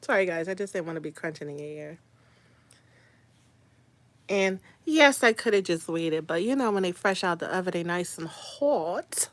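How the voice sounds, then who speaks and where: Lively woman chatting on a live stream. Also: on the low side, normal speed, no echo. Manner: laughing, teasing, eating snacks on stream. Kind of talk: casual live chat reading comments.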